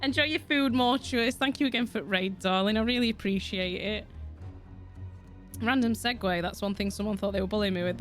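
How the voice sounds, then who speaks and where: A woman's voice: medium pitch, fairly quick, soft background music. A woman with a Yorkshire accent chatting casually on a game stream, swearing freely and laughing a lot. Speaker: streamer with a virtual avatar. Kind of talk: casual gaming stream chat.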